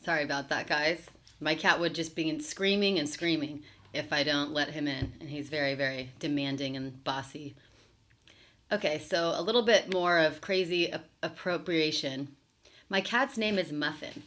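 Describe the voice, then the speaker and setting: A woman's voice: deep voice, normal speed, fairly bright tone. A woman hosting a live show, reading viewer comments aloud and answering them in a sarcastic, chatty way. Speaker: talk show host reading live chat. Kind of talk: casual live-stream commentary.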